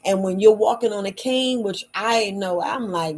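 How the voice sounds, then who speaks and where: A tired, worn-out woman chatting late at night in a low voice. She talks casually to her viewers as a shop owner, repeating words for emphasis in folksy phrasing. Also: moderate pace, darkish tone, low-quality recording. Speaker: herbal shop owner selling wellness patches. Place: at home at night.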